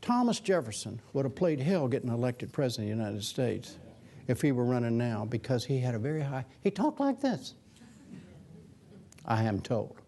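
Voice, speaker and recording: Older male guest speaker, gravelly, chatty and discursive with animated asides. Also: mid-range voice, a little fast. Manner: conversational, many restarts and fillers, animated quotes. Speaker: guest author, former news anchor. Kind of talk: lecture Q&A talk.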